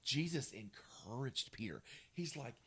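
Animated preacher man with a lively voice. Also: mid-range voice, measured pace, breathy edge. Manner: animated storytelling, laughing, acting out quotes. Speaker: pastor. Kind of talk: sermon.

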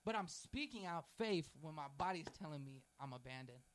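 A man's voice: on the high side, expressive, a little fast. A man preaching a sermon, fervent and emphatic, building repeated phrases, with folksy, informal asides. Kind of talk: sermon with a read-aloud prayer.

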